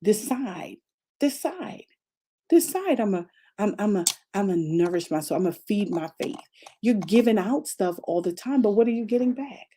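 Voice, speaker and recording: Mellow husky woman pastor preaching. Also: medium pitch, brisk. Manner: lively, repeats phrases for emphasis, asks rhetorical questions. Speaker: pastor and coach. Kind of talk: motivational faith talk.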